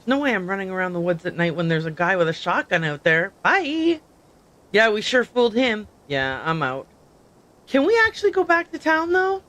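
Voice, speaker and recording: A woman's voice: medium pitch, very animated, normal speed, fairly bright tone. A woman streamer reading a narrative game aloud, making joking asides and correcting her own slips. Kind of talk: game livestream commentary.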